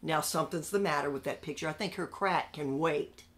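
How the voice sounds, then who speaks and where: A woman speaking briskly in a low register recounts her story in a candid interview. Emphatic and animated, she hammers phrases through repetition, shifting from loud outbursts to quiet asides.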